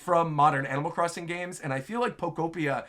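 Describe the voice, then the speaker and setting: A man's voice: on the high side, a little fast, a bit bright. A man hosting a casual gaming show, answering viewer questions in a chatty, enthusiastic way, often filling with "like" and "right?".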